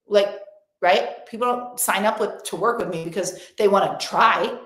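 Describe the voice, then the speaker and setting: A woman's voice: mid-range voice, normal speed, a bit bright. A young adult woman hosting a live-streamed motivational event as a coach, talking emphatically and effusively and repeating affirmations. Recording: roomy echo.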